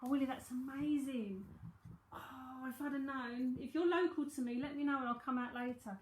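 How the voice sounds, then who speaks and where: A woman's voice: high voice, fairly even intonation, normal speed, reverberant, a little hiss or hum, rough recording. A woman with a London accent giving a psychic reading in a chatty, rambling way, thinking aloud with many fillers. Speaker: psychic medium. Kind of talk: live-streamed reading, casual chat.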